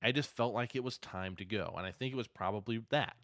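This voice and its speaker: A man co-hosting a casual wrestling podcast, excitable and profane, his voice swinging between loud bursts and quiet asides. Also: lowish voice, fast, dry recording, clean studio sound. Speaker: podcast co-host.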